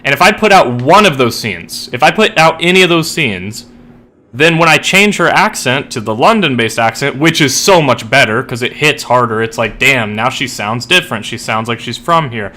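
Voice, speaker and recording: Young male streamer, crisp tense tone, loose rambling chat, heavy fillers. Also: medium pitch, bright, forceful tone. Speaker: streamer and writer. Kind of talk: casual chat while gaming.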